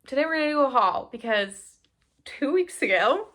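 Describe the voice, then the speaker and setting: Bright, excitable young woman vlogger. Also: high voice, moderate pace. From United States. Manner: rambling, self-interrupting, laughing through tears. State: teary, half-crying. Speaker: book vlogger. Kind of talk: casual chat to camera.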